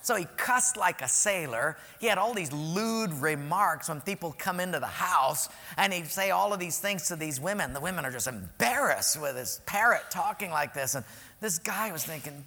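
Male pastor, high bright voice with gravel, animated sermon storytelling. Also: moderate pace, in a large hall. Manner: animated storytelling, swings loud and soft.

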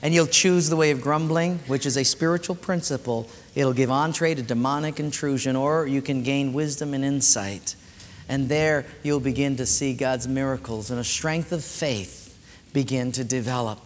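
A man preaching a sermon as pastor, earnest and exhorting, dropping low and soft for emphasis. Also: normal speed, slight background noise. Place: church. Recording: reverberant church hall with faint music.

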